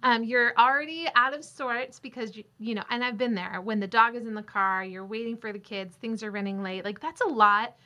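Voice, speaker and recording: A woman's voice: a little high, fairly quick, hardly any pauses, bright, forceful tone. A woman hosting an interview, encouraging her guest, laughing easily and answering with short affirmations. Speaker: podcast host. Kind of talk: conversational interview.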